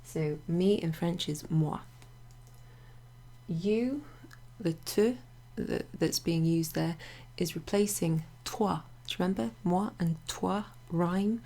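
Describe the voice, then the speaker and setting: A woman teaching a casual French grammar lesson to her club members, chatty and relaxed, with many fillers and asides. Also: on the low side, slow. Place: home near a greenhouse.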